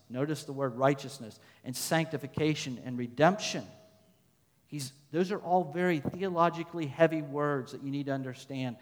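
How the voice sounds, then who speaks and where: Man preaching in an echoing hall. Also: mid-range voice. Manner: emphatic, rising to loud stresses then dropping soft; repeats phrases, reads scripture verses aloud. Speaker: pastor. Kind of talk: sermon. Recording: long hall reverb.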